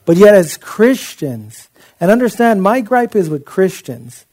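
A man's voice: high-pitched, big pitch swings, a little slow, a little mellow. A man preaching a sermon in an impassioned, conversational way, with frequent asides to his listeners.

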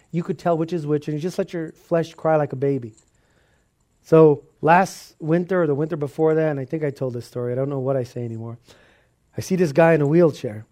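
A man preaching a casual, animated sermon, telling a story and acting out the dialogue. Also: on the high side. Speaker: pastor.

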